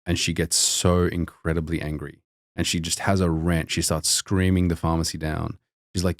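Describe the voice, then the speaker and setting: A man's voice: deep voice, flat delivery, moderate pace, no room sound, studio quality. A man from Lebanon, a podcast guest, talking casually and rambling with lots of fillers and restarts. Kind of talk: casual conversation.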